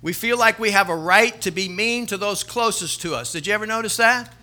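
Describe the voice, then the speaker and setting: A man's voice: high-pitched, brisk, sharp tone. A middle-aged man preaching a sermon as a pastor, telling a story earnestly and building to emphatic exhortation.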